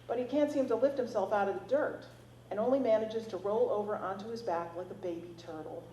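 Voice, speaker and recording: A woman's voice: medium pitch, fairly quick, a little hiss or hum. Woman author reading aloud in roomy hall. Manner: expressive, casual asides. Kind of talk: reading her novel aloud. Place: library event room.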